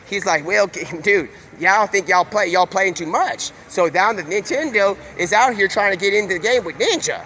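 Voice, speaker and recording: A man with a high, bright, tense voice spins a rambling, made-up story live on stream, jumping between quoted characters without stopping. He talks in one long improvised flow. Faint traffic noise hums behind him. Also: expressive. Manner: rapid stream-of-consciousness, slips into quoted voices.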